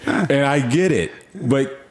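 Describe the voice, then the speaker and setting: A man co-hosting a podcast in casual chat, teasing and animated. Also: mid-range voice, takes it slowly. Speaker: podcast co-host.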